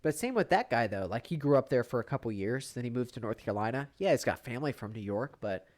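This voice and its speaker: A man's voice: medium pitch, lively intonation, fast talker, a little mellow. A man co-hosting a casual podcast chat, telling stories with lots of swearing and laughter. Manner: profane, laughing storyteller who mimics others. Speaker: podcast co-host.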